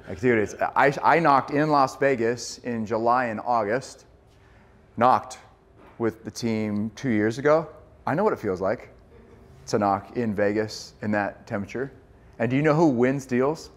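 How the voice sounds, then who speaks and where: A man giving a sales training talk to a group, energetic and acting out lines he would say at the door. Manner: energetic, acts out door pitches and yelling.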